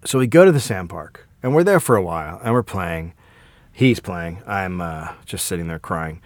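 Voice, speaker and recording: Profane, animated male storyteller. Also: low-pitched, moderate pace, no room sound. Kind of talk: casual comedic storytelling.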